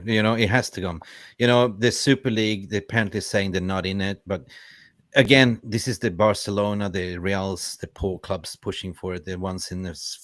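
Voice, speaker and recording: A man with a lowish voice hosts a casual call-in chat, rambling along with plenty of fillers and false starts. The sound is dry and close, with no room around it. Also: a bit bright, no room sound. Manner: rambling, many fillers and restarts. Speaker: host.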